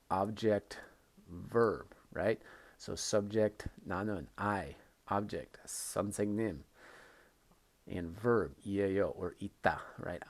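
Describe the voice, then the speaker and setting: A man teaching a recorded English lesson, patient and repeating key phrases with emphasis. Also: lowish voice.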